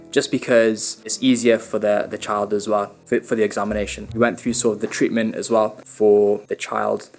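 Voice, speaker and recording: A man's voice: fairly low pitch, fairly even intonation, brisk, creaky, few pauses, faint music behind. A young man, a medical student, casually vlogging to camera and explaining his day with easy restarts. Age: young adult.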